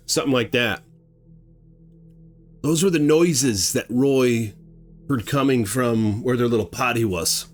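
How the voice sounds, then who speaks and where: A man telling a grim story casually, animated and conversational, acting out sounds as he goes. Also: medium pitch, unhurried, pauses often, faint music behind.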